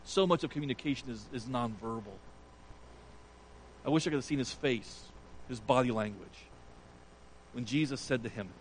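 A man's voice: mid-range voice, fast talker, low-quality recording. A man preaching a sermon, retelling a scripture story with earnest emphasis. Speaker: pastor.

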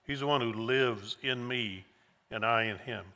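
A man preaching a sermon verse by verse, slow and emphatic, repeating key words for weight. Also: medium pitch, pushed and bright. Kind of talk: expository sermon. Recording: long hall reverb.

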